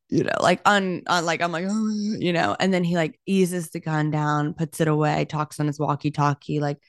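A young woman, a realtor hosting her own podcast, telling a story in an animated, casual way and saying "like" a lot. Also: low voice, normal speed, hardly any pauses, dry recording, clean studio sound. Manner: animated, talks with her hands, heavy use of "like".

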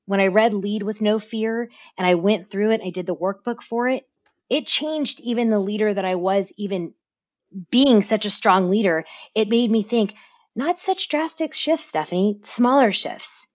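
A woman speaking as a podcast guest in casual interview talk, animated and given to repeating words as she tells her story. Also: medium pitch, moderate pace, dull audio. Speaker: podcast guest, business owner.

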